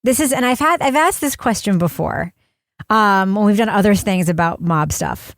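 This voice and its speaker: A woman's voice: mid-range voice, lively intonation, normal speed, no echo. Woman rambling on a podcast, lots of restarts, dry close mic. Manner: chatty, rambling, restarts often. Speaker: podcast host. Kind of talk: casual podcast chat.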